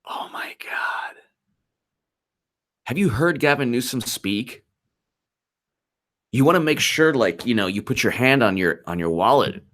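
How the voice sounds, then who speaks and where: A man hosts a political commentary livestream in a mid-range, expressive voice with a fairly bright tone at normal speed. He does live commentary, reacting to polls and reading chat, giggling, mocking and laughing often.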